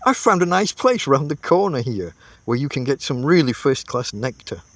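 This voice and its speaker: A man putting on a jovial pub-loving gentleman. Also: mid-range voice, very animated, moderate pace, no echo. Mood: hearty coaxing. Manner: jovial, coaxing. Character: hearty, comforting Englishman who always knows a pub.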